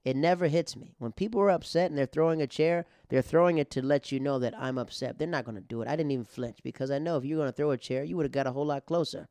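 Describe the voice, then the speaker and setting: A man's voice: a little high, fast talker, few pauses, a little mellow, no echo, studio quality. A male comedian and podcast host telling a casual, rambling story with many restarts and fillers.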